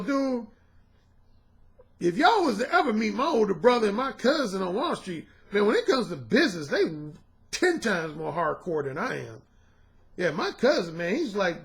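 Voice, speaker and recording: A man's voice: high-pitched, gravelly. A man working as a dating coach, talking casually and straight to his audience in a slangy, profane, emphatic way. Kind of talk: casual monologue to camera.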